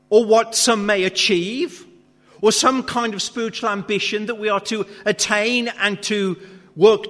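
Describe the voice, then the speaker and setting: A man preaching a sermon, reading scripture and then explaining it with emphatic, measured phrasing and long dramatic pauses. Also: sits high, sharp tone. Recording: long reverb of a hall.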